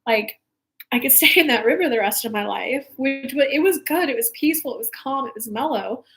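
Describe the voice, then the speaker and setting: A woman's voice: high voice, a little fast, fairly bright tone. A young adult woman hosting a live spiritual talk show, speaking casually and from the heart, rambling with lots of "like".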